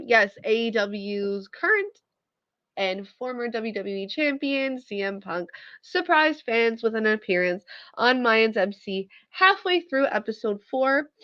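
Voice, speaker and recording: A woman hosting a casual news update, chatty and relaxed, with lots of fillers and small laughs. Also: mid-range voice, no echo. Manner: chatty, filler-heavy, with self-aware laughs. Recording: dull lo-fi dry audio.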